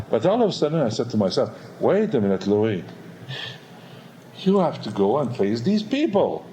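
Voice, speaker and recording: A man, an opera baritone, telling a candid backstage story in a rambling, animated way, acting out voices and sounds. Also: a little hiss or hum, low-quality recording. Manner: animated, acts out quotes and sounds; rambling with many restarts and "all of a sudden". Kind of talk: candid spoken anecdote.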